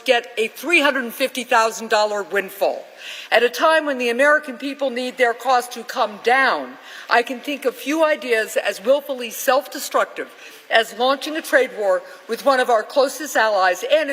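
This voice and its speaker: A woman senator giving a measured, insistent formal speech on the chamber floor. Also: on the high side, fairly bright tone. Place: large legislative chamber. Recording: echoey legislative chamber.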